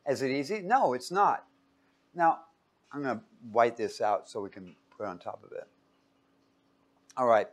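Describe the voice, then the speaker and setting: Casual joking man teaching the Bible. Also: mid-range voice. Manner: casual, joking, asks the audience questions.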